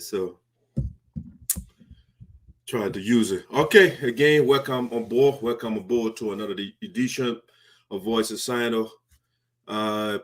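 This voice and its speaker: A man from Liberia hosting a live diaspora talk show. He chats loosely, restarts his sentences, and talks through his own equipment checks. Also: lowish voice. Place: home studio. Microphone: headphones with a microphone.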